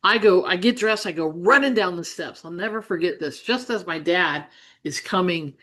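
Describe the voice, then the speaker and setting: A middle-aged business coach from Ohio, United States, tells an earnest story about her childhood on a farm, often restarting and adding asides. Her voice sits on the low side and is a bit bright, at a moderate pace.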